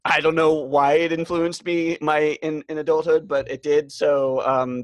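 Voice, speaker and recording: A man's voice: fairly high pitch, little pitch movement, unhurried, no room sound. A man co-hosting a casual podcast chat, rambling and hesitant, with lots of "um"s. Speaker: podcast co-host.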